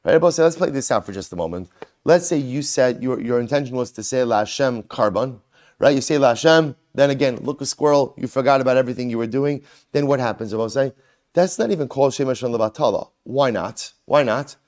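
Male Talmud teacher, mid pitch, animated self-questioning delivery, mixes Hebrew and Aramaic terms into English. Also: a little fast. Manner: animated, asks and answers his own questions. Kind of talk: Talmud lesson, explaining a text.

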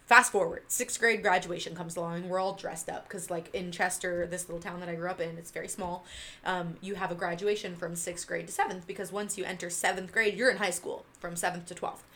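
A woman from Northern California telling animated childhood stories in a casual chat, acting out quotes with loud bursts. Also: fairly low pitch, fairly quick. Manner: animated, acts out quotes with loud laughing outbursts.

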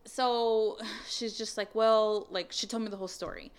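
Speaking at a moderate pace in a smooth, fairly high voice, a young woman candidly recounts something that happened to her. Swearing comes easily, "like" and "um" pepper her speech, and she brings the dialogue to life as she retells it.

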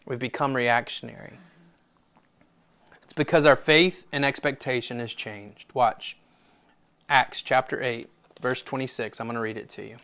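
A man preaching a sermon to his church as pastor, telling a story and reading scripture, swinging from loud declarations to hushed asides. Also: medium pitch, fairly even intonation, normal speed, pauses often.

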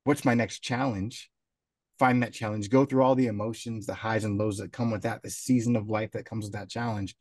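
A man's voice: fairly low pitch, steady tone, a little fast, dry recording. Man reflecting in a podcast chat. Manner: reflective, building an argument step by step. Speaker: podcast host.

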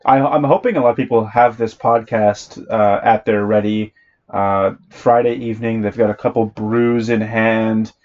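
A man's voice: fairly low pitch, steady tone, moderate pace, highs cut off. A man co-hosting a podcast in casual chat, laid-back and joking. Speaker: podcast co-host.

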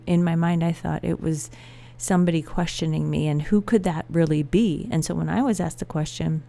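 A woman's voice: lowish voice, gravelly, warm tone. A woman speaking candidly in a reflective personal monologue, telling a story and encouraging the listener.

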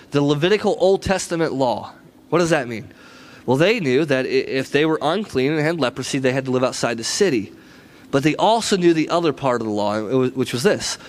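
A man preaching a sermon in a conversational, storytelling way, often checking in with "right?". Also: fairly high pitch.

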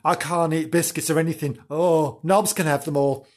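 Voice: mid-range voice, fairly even intonation, normal speed, lightly acted. A reader doing Frank, whiny frightened dog. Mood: sick, sorry. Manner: whiny, fretful.

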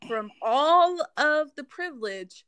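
A woman co-hosting a casual chat, sassy and quick with retorts, reading comments aloud. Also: high-pitched, lively intonation, fairly bright tone.

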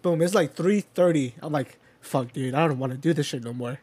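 A young adult with a husky, dark voice on the high side speaks quickly in casual chat. His long story wanders, heavy with fillers and swearing, and he chuckles as he tells it.

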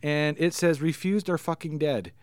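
A man in his thirties with a smooth, resonant voice, talking as an eager fan on a comic book podcast. His sound is dry and close. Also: a little high, normal speed, no room sound. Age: 30s. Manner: enthusiastic, chatty fan. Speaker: podcast co-host. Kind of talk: casual comic book chat.

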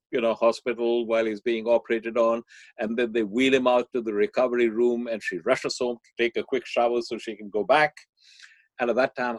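A man as a podcast guest, explaining ideas and telling a parable in a measured way. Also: mid-range voice, dry recording. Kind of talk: podcast interview, storytelling.

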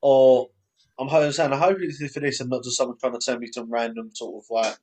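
A young man hosting a laid-back podcast in a voice of ordinary middle pitch. He rambles, restarts his sentences and pokes fun at himself as he talks. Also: level tone, brisk, mellow, rough recording. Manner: rambling, self-deprecating, lots of restarts. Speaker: podcast host. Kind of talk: casual podcast chat.

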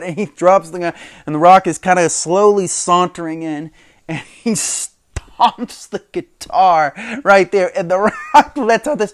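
A man's voice: high voice, unhurried, no echo, studio quality. A man hosting a casual solo podcast, retelling a story with frequent chuckles. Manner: chuckling, retelling with quoted impressions. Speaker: podcast host.

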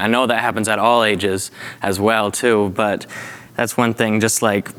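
Young man, group discussion, halting, smooth clear voice, lowish. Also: a bit bright. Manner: halting, many "like" fillers. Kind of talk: answering a question in a group.

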